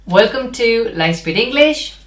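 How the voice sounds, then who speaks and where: A woman's voice: fairly high pitch, expressive, unhurried. A woman hosting a casual language vlog, chatty, searching for words and slipping in Spanish phrases. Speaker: English teacher and vlog host. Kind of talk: casual chat. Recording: echoey room.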